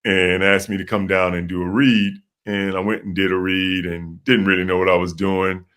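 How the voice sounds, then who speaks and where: A man with a deep voice and an American accent, a guest telling animated stories in a casual interview. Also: normal speed. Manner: animated storyteller who acts out voices.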